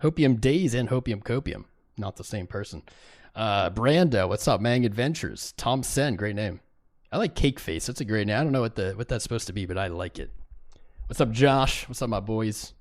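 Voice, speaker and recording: A man's voice: on the low side, animated, normal speed. A man hosting a live stream, chatting casually and greeting viewers in chat by name. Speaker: livestream host. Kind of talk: casual livestream commentary.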